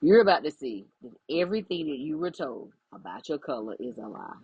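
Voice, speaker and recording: A woman's voice: low-pitched, big pitch swings, brisk, husky, no echo, lo-fi sound. A woman, speaking as a spiritual life coach in an emphatic, preachy monologue. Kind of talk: direct-to-camera monologue.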